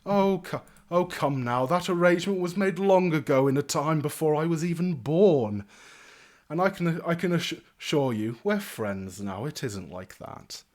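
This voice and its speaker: A bright, boastful young nobleman, put on by a man with a raised pitch and a loud, flourishing delivery. He is naive and upbeat and speaks like a hero off on an adventure. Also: lively intonation, normal speed, natural voice. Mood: breezy. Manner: grand, theatrical and upbeat.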